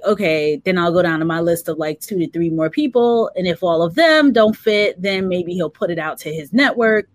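A woman's voice: lowish voice, no room sound. A woman hosting a live career-advice chat, reading out viewer comments and building on her co-host's points. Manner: conversational, adds to co-host's points.

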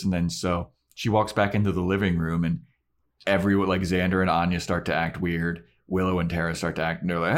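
A man's voice: low voice, normal speed. A man hosting a podcast, casually and animatedly recapping an episode. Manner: animated storyteller. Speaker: podcast host. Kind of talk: casual chat recapping a show.

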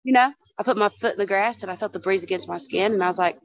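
A woman podcast guest races through her stories in a casual chat, swearing a lot and calling the listener "honey" and "dude." Her voice is mid-range, and the audio quality is poor.

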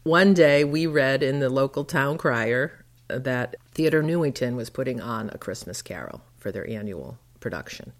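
Woman with a super low voice talking about her dad, laughs a lot, fond. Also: expressive, moderate pace. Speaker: daughter remembering her father. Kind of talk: recorded interview.

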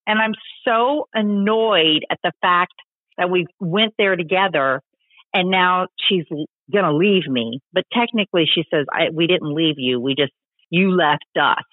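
Lowish-voiced woman gabbing away about her rides, bouncy storytelling, phone-line sound, super dry. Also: normal speed, no echo. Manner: animated, chatty, acts out quoted voices. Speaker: podcast guest, long-distance motorcycle rider. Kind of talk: casual storytelling interview.

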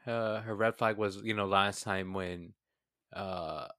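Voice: low voice, fairly even intonation, slow, pushed and bright, no room sound, clean studio sound. A podcast co-host chatting casually and enthusiastically about a show, laughing often. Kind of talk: casual recap chat.

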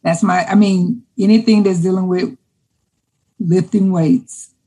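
A middle-aged woman with a husky, slightly breathy voice, answering interview questions in a relaxed, chatty way. She sounds enthusiastic and often repeats a word as she builds up to a point. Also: fairly low pitch, a little slow, poor audio. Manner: enthusiastic, chatty, repeats words when excited. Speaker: interview guest. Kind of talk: casual conversation.

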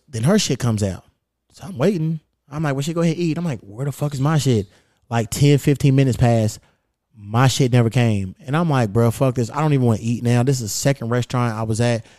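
A man hosting a podcast, telling stories in a profane, animated way with quoted back-and-forth. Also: medium pitch, no echo, clean studio sound. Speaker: podcast host. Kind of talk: casual chat, storytelling.

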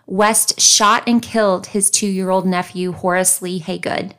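A woman's voice: mid-range voice, steady tone, unhurried, fairly bright tone. A woman from the American South hosting a podcast, narrating a true crime case with wry asides. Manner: conversational, reads facts then comments wryly. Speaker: podcast host.

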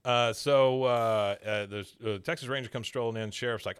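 A man in casual conversation, retelling a cartoon episode scene by scene for a podcast. He laughs often and slips into quick impressions of the characters as he quotes them. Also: medium pitch, steady tone, clean tone. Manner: laughs often, mimics characters' lines while recapping.

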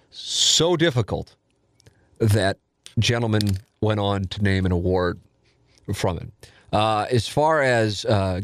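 A man's voice: on the low side, no room sound, clean studio sound. A man in his forties telling a rambling, self-deprecating story with casual profanity. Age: 40s.

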